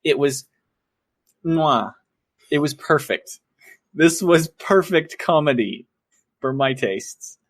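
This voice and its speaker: A man co-hosting a podcast, chatting casually in a playful, expressive way with joking flourishes. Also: fairly high pitch, slow pace, pauses often, no echo. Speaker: podcast co-host. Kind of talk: casual chat.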